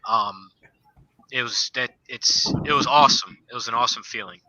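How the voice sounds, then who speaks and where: A man's voice: medium pitch, moderate pace, lo-fi sound, crowd noise. A man, a former soldier, telling stories from basic training in a casual podcast chat, rambling and leaning on filler phrases. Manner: rambling storyteller, leans on "you know".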